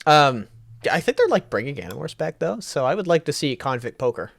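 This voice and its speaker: Rambling, joking Canadian podcast host. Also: male voice, fairly high pitch, sing-song, brisk, gravelly, no room sound, clean studio sound. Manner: rambling, self-deprecating, jokey. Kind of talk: casual chat.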